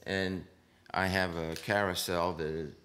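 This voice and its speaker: Older male drummer, panel guest; low, chatty, animated, mouths beats and hisses out percussion. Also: slow. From United States. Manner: animated, sings rhythms aloud, hisses percussion sounds. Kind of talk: anecdotal storytelling on a panel. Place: stage panel before an audience.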